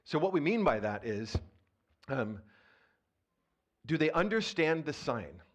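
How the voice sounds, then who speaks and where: Speaking a little slowly, this pastor has a slightly high voice with big swings in pitch. Holding a handheld mic in the church sanctuary, he gives a chatty, playful, conversational sermon and often asks the congregation questions.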